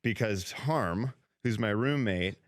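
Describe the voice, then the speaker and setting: A former hockey goalie turned actor, a man telling animated, rambling stories as a guest on a talk show, often restarting his sentences. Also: fairly low pitch, slow, no room sound, clean studio sound. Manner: lively, rambling, acts out quotes with restarts.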